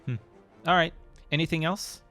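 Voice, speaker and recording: A man's voice: on the high side, fairly even intonation, pushed and bright, faint music behind. A man acting as game master, narrating and explaining rules with many fillers and frequent laughs. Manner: laughs often, halting fillers. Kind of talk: running a tabletop game.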